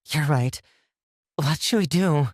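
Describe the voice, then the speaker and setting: A man's voice: on the high side, slow, no echo, clean studio sound, voice pushed up. A man voicing an emotional young vampire woman in an audio story, anxious and pleading.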